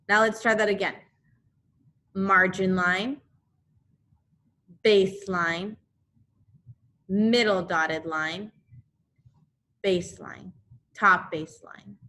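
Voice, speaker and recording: A woman teaches second graders over a video lesson, speaking into a computer mic. Her voice is bright and clear, and she talks slowly, repeating each term so the children can say it with her. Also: medium pitch. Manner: slow, repeating drills for young children. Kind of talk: remote class lesson.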